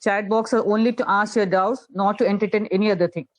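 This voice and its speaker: A woman's voice: mid-range voice, steady tone, fast talker. A woman moderating an online class, firm and strict as she sets the rules. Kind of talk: group announcement. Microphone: video call.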